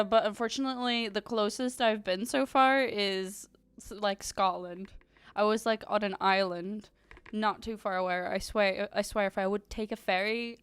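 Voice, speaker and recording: A woman's voice: mid-range voice, a bit bright, clean tone, no room sound. A woman streamer chatting casually and reading chat aloud, giggling often and using lots of fillers. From Ukraine.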